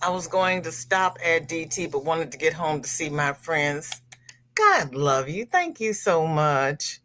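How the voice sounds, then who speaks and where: An older woman hosting a casual crochet live stream, chatting warmly with viewers by name and reading out their comments. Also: sits low, expressive, a little slow, a little hiss or hum. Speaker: crochet livestream host.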